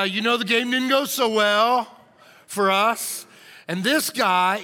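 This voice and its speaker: A man pastor, telling an animated, joking story in a sermon. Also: sits high, in a large hall. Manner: animated, jokey, acts out shouting crowds.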